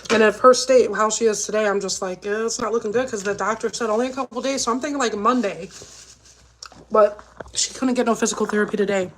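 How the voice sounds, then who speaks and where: Mom vlogger rambling, kinda high voice, upset, close to tears. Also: female voice, fairly bright tone. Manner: worried, rambling, many restarts. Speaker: mother. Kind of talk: casual live chat with viewers.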